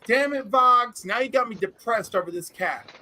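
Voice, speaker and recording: A man's voice: very high voice, lively intonation, moderate pace, bright, forceful tone. A man on a casual online chat panel, talking emphatically and swearing freely. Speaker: panel guest.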